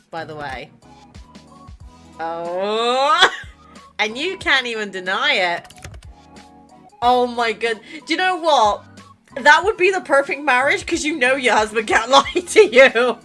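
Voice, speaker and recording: A woman's voice: a little high, animated, measured pace, pauses often, fairly bright tone, faint music behind. A woman hosting a romance game playthrough, gushing and giggling in casual commentary. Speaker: gaming channel host. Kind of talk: casual let's-play commentary.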